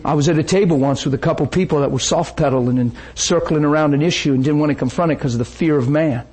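An older man delivers a sermon in a husky, slightly high voice. He tells stories with animation, acting out the people he quotes. His voice swings between hushed asides and intense bursts. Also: fast talker. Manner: animated, acts out quoted voices, laughs often. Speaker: preacher. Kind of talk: sermon storytelling.

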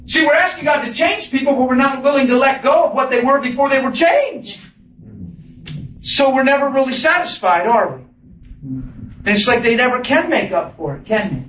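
A man preaching a testimony sermon, animated and laughing, switching between soft, quiet passages and loud exclamations. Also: very high voice. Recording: roomy, distant, muffled with noise.

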